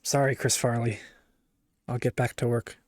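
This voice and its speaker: A man's voice: mid-range voice, little pitch movement, moderate pace, no room sound, studio quality. A man streaming live as he builds a toy set, chatting casually in self-mocking, rambling asides.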